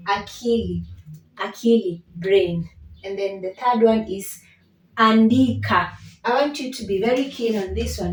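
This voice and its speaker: A patient, encouraging woman teaches a beginner lesson at a slow, careful pace. Her voice sits some distance from the mic, and the room gives it a roomy echo. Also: mid-range voice. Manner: patient, encouraging, checks in with "okay?" often. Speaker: language teacher. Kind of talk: beginner language lesson, repeat-after-me drills.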